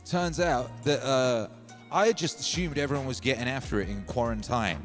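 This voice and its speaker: A man's voice: mid-range voice, moderate pace, soft background music. A man hosting a livestream, telling a long, playful story in a rambling, slangy way. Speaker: livestream host. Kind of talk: casual storytelling monologue.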